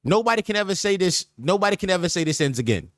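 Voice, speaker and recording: A man's voice: high voice, big pitch swings, very fast, no room sound, clean studio sound. A man hosting a podcast stream in casual chat, riffing with slang in a repetitive, joking, mock-sincere way. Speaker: podcast host.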